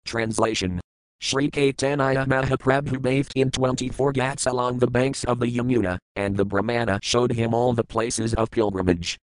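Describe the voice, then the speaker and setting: A man reading scripture verses aloud in a measured, deliberate way, with word-by-word glosses and translations. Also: medium pitch, steady tone, no room sound, poor audio. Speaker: scripture reader.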